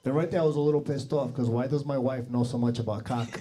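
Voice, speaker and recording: A man's voice: medium pitch, steady tone, fast talker, heavy background noise. A man doing a crude, crowd-teasing stand-up set on a studio stage. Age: 40s. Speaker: stand-up comedian. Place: TV studio stage with live audience.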